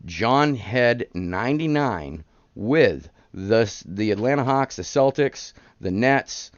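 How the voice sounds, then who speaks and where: A man's voice: medium pitch, no echo, highs cut off. A man in his thirties hosting a live card-breaking stream, chatting casually and hyping up the pulls. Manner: chatty, rambling, hypes up the pulls.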